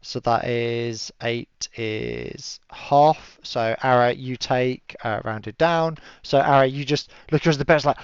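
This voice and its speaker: A man running a tabletop game as game master, relaxed and chatty, laughing often and yelling enemies' cries in high voices. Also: moderate pace, few pauses, clean tone, no echo. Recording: dull lo-fi stream audio, dry.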